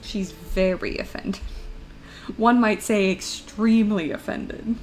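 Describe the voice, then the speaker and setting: A woman's voice: medium pitch, slow, darkish tone, a little hiss or hum. Giggly young woman chatting while drawing. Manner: chatty and giggly, laughs often. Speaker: streamer. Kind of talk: casual chat while drawing on stream.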